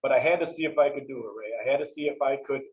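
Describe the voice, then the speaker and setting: Talking very fast in a medium-pitched voice, a seasoned football coach recounts stories during an interview, animatedly acting out the quoted exchanges. The audio quality is poor.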